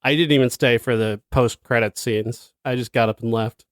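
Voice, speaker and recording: A man's voice: mid-range voice, steady tone, normal speed, dry recording, clean studio sound. A man co-hosting a film review podcast, chatting bluntly and in an exasperated way, often laughing. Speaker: podcast co-host, film critic. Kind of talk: casual chat.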